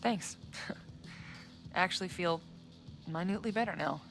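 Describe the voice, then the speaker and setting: A dry, weary bar owner. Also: female voice, on the low side, normal speed, gravelly, fairly bright tone, soft background music. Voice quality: dry, sardonic. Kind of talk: video game dialogue.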